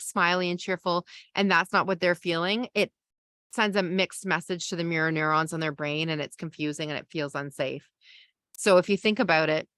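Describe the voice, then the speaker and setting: A woman's voice: on the low side, fairly bright tone, no echo, clean studio sound. A woman, a parenting coach and podcast host, teaching a masterclass in a conversational way and explaining with everyday examples.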